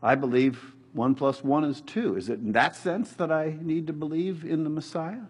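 Middle-aged male pastor, husky voice, casual animated preaching with humor. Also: on the high side, normal speed. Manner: conversational, animated preaching with jokes and acted quotes. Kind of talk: sermon.

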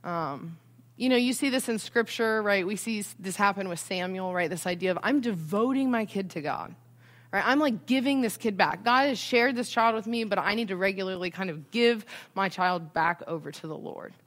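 A woman's voice: mid-range voice, normal speed, a bit bright. A young adult woman giving a casual Christian parenting talk in a conversational way, often checking in with "right?".

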